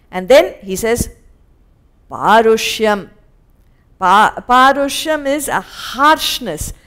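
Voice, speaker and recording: A woman with an Indian English accent teaching scripture as a spiritual teacher, animated and acting out little scenes. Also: high voice. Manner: animated, acts out little scenes in quoted voices. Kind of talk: lecture on scripture. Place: lecture hall.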